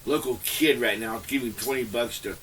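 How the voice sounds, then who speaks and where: A man's voice: medium pitch, moderate pace, a bit bright. A man chatting casually with dry, teasing humor inside a camper. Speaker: vlogger's husband. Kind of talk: casual chat. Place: camper trailer. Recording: distant mic with faint background noise.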